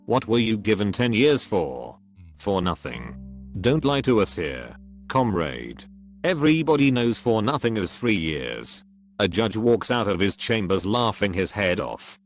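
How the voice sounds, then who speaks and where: Lively low-voiced man reading jokes. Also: no room sound. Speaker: narrator of a reddit joke compilation. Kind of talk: scripted narration.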